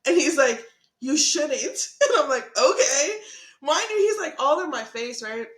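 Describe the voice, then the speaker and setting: A young woman co-hosting a podcast tells a story in casual chat, her voice sitting a little high. She laughs often, swears freely and acts out what others said. The room is echoey. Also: sing-song, normal speed. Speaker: podcast co-host.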